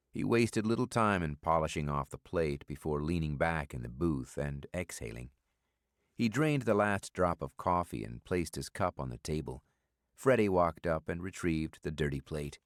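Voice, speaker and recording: A man reading a thriller audiobook in a steady, measured scripted narration. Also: a bass voice, no room sound, studio quality.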